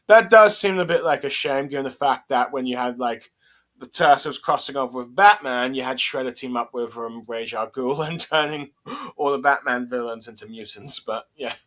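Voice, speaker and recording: A man's voice: mid-range voice, a bit bright. A man hosting a casual comic review chat, hesitant and full of fillers, chuckling often. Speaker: podcast host.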